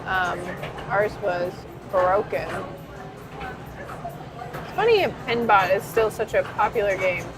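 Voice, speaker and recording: A woman's voice: mid-range voice, big pitch swings, slow, pauses often, rough recording. A woman co-hosting a casual live stream from an arcade, chatty and rambling, often trailing off mid-sentence. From Canada. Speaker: arcade co-owner and stream co-host.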